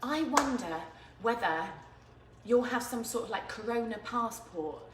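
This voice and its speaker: A woman's voice: fairly high pitch, expressive, measured pace. A woman hosting a home cooking stream, chatting in an easygoing, giggly way while she cooks. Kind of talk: casual chat while cooking. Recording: echoey room with faint noise.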